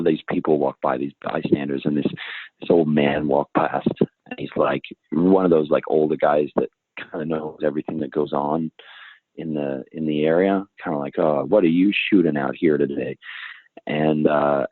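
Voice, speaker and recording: A man's voice: rumbling low, husky, no echo. A man telling stories as an interview guest, rambling and restarting his sentences. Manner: rambling, self-interrupting, laughs along. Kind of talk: casual storytelling in an interview. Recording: phone-like, dry call audio.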